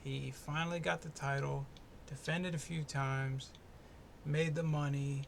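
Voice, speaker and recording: Young male podcast host, gravelly and slightly high, loose and profane, cracks jokes as he rambles. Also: flat delivery, measured pace, slight background noise. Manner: profane, laid-back, rambling and jokey. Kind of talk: casual solo fight-prediction podcast. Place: home in the US East Coast.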